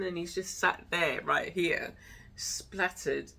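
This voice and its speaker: A woman's voice: fairly low pitch, slow, vocal fry, sharp tone, slightly rough. Chatty woman rambling on a walk. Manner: rambling, chatty, with many fillers and trailing thoughts. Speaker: host of an arts and wellness channel. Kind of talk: casual vlog chat. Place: home studio, then out into the garden.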